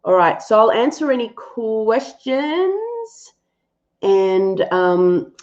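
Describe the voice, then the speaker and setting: A woman's voice: fairly high pitch, big pitch swings, very slow, darkish tone, highs cut off. A woman hosting a live-stream animal reading and answering viewers, affectionate and thinking aloud with fillers.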